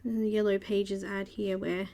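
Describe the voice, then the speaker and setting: An Australian woman hosts a live coloring session, talking through every stroke in a relaxed, chatty way. Her voice carries a light gravelly fry at an ordinary pitch, and she greets viewers by name as she works. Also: normal speed. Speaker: host of a live coloring stream. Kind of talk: live art tutorial narration.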